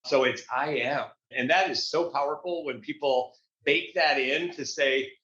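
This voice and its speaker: An upbeat man talking as a guest coach in a casual interview, with a bright, forceful voice pitched a touch high. He speaks in a motivational way and often restarts phrases. The sound is dull and lo-fi, with a roomy echo around him. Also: unhurried.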